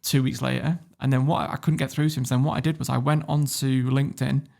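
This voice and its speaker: A British man in his thirties tells a story as a podcast guest. He is blunt, sweary and animated. His middle-pitched voice has a gravelly rasp. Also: fast. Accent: British English. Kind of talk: casual storytelling.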